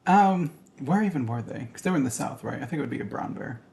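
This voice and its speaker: A man's voice: mid-range voice, lively intonation, fast, vocal fry, darkish tone. A man co-hosting a casual movie-review podcast, easygoing and chatty, backing his co-host with frequent agreeing murmurs and small laughs.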